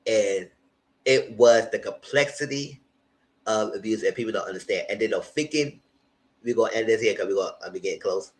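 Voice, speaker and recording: A man's voice: on the low side, brisk, poor audio. Guy going off on his live stream, heated, cussing, hammering every point. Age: adult, past graduate school. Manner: heated, emphatic, profane ranting. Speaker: vlog host.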